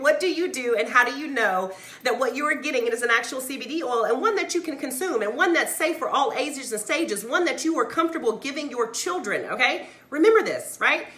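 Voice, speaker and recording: A high-pitched, bright woman ranting to her live-stream viewers. She is fired up and emphatic, and she keeps checking in with "right?" and "okay?" Her voice bounces around an echoey room. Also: animated, a little fast. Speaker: mother; CBD oil seller vlogger. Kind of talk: live-stream rant to viewers, reading comments.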